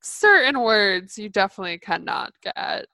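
A woman from Rhode Island in a casual chat, making quick, matter-of-fact remarks. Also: mid-range voice, sing-song, vocal fry, sharp tone, no echo.

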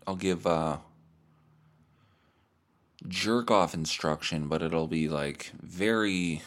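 Man, podcast host, swearing sarcastic rant, lying in bed, cheap mic, somewhat low voice. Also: slow. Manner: profane, sardonic, rambling rants. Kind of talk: crude comedic monologue. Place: in bed at home. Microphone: cheap or built-in mic.

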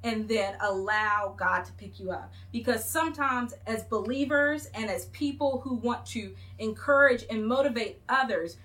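A young woman co-hosting a faith podcast, talking in an animated, emphatic and playful way as she teaches. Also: fairly high pitch, normal speed, few pauses. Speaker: podcast co-host.

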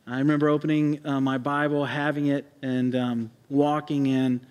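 A pastor giving a sermon, telling a personal story with halting restarts and fillers, then building to emphatic preaching. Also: male voice, mid-range voice, level tone, a little mellow, clean tone. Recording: hall reverb.

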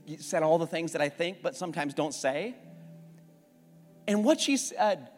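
A man in his forties preaching a sermon as a pastor, telling a candid family story, rising when worked up and going soft when reflective. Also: on the high side, lively intonation, normal speed. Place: church sanctuary. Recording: church hall with long reverb and faint music.

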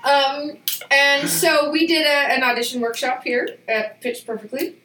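A woman's voice: high voice, normal speed, bright, forceful tone, a little hiss or hum. A woman co-hosting a casual podcast and working as a voice coach, laughing often and teasing her co-host. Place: small home studio. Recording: roomy sound, a little far from the mic.

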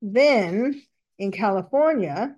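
A woman's voice: mid-range voice, expressive, takes it slowly, darkish tone. A woman commenting on news reports, reading out quotes and stopping to correct herself.

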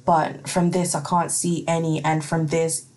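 A woman's voice: deep voice, flat delivery, a little slow, a little mellow. A woman hosting a casual solo podcast, chatty and profane, laughing often as she reads out listener questions. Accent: non-American accent. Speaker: podcast host.

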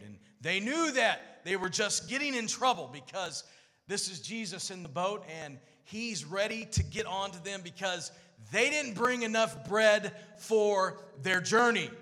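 A man preaching a sermon in a church sanctuary, moving from quiet storytelling to loud, sing-song exhortation. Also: sits high. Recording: long church hall reverb.

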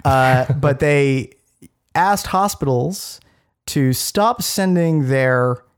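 A man's voice: medium pitch, extremely slow, smooth. Man explaining in casual chat. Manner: explains at length with many fillers and restarts, wry asides. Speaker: podcast co-host.

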